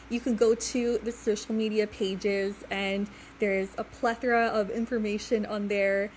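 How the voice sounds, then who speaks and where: A woman's voice: fairly high pitch, moderate pace, hardly any pauses, a little mellow, slight background noise, rough recording. A young woman hosting a casual interview, chatty and upbeat, heavily pregnant. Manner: chatty, upbeat, frequent "like" and "mm-hmm". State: heavily pregnant, due today. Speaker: podcast host.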